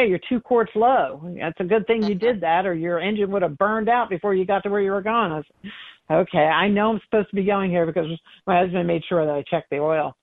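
A woman's voice: lowish voice, no room sound. Middle-aged woman medium on a tinny line. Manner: animated, acts out quoted voices, laughs often. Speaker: psychic medium guest. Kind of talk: emotional interview storytelling.

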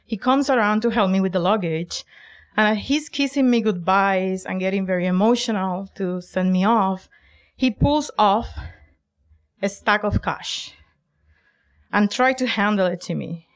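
A middle-aged woman from Puerto Rico telling a personal story, lively and emphatic, acting out quoted lines. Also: medium pitch, unhurried, smooth. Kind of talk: personal story told to an audience.

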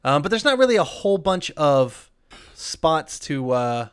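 A man co-hosting a podcast, recapping a film in casual chat, animated, with frequent laughs and rambling asides. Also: fairly high pitch, a little slow, smooth. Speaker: podcast co-host.

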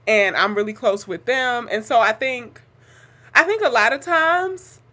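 A woman's voice: fairly high pitch, unhurried. A woman in a casual conversation, speaking sincerely with many fillers. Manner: warm, chatty, filler-heavy, sincere. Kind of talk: casual chat.

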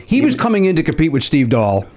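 Lively self-mocking man host. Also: fairly high pitch, fast. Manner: self-deprecating, laughs often, many fillers. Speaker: podcast host. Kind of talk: casual chat.

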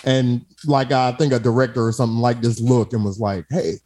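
A man's voice: medium pitch, fairly even intonation, brisk, a little mellow. A man co-hosting a podcast, chatting playfully and enthusiastically, often laughing. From United States. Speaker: podcast co-host. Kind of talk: casual podcast chat.

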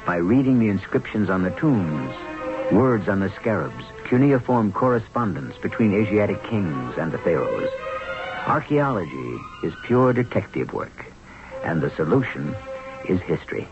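A man's voice: sits low, very animated, moderate pace, over music. A man hosting and narrating a vintage radio mystery drama in a theatrical voice, from a dull lo-fi broadcast. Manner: theatrical, questioning, hushed asides. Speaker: host and narrator.

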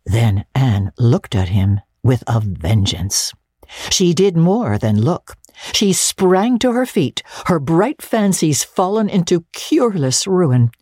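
A woman giving a dramatic reading of a classic novel in an expressive storytelling manner. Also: sits low, slightly rough, no echo, clean studio sound. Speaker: narrator.

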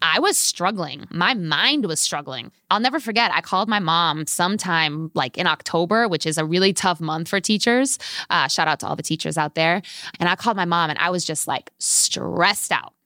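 A woman in her thirties speaks as a podcast guest, a fitness instructor who tells her stories with animated, vivid energy. Her voice sits a little low for a woman. The sound is dry and close, with no room around it. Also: normal speed, no room sound. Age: 30s. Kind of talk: podcast interview.

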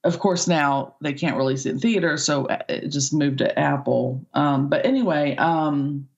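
Gravelly-voiced woman agent, chatty and rambling. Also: low voice, measured pace, highs cut off. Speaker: talent agent. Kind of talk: casual podcast interview.

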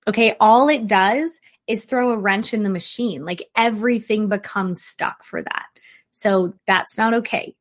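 A woman's voice: medium pitch, unhurried. A woman therapist giving casual, direct relationship advice in an emphatic voice, firing off rhetorical questions. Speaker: licensed therapist.

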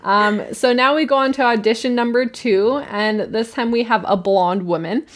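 A woman's voice: fairly high pitch, normal speed. Wry Canadian woman recapping a show. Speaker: podcast co-host. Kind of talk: casual chat recap. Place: room at home.

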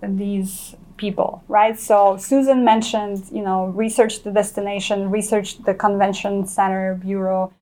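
A woman teaching travel journalism, speaking quickly and practically to a live audience in a room. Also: medium pitch, flat delivery, mellow. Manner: quick, talks very fast; practical and encouraging, speaks straight to listeners. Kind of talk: live presentation to a small room.

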